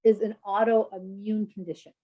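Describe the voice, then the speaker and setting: A woman's voice: mid-range voice, level tone, normal speed, phone-quality sound. A middle-aged woman doctor explaining heart health in a chatty, conversational way, with many fillers as she talks. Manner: explanatory, chatty, frequent "you know" fillers.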